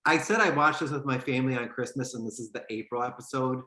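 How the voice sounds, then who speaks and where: A man co-hosts a casual podcast chat, animated and prone to leaping into high-pitched quoted voices. His tone is bright and forceful. The room around him is echoey. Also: quick pace. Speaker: podcast co-host. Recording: roomy, echoey room sound.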